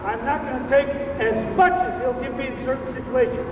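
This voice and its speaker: High-voiced man coaching from a distance. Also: steady tone, fairly quick, noisy background. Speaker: baseball coach. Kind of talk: instructional demonstration. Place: outdoor baseball field. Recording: distant, roomy old VHS audio.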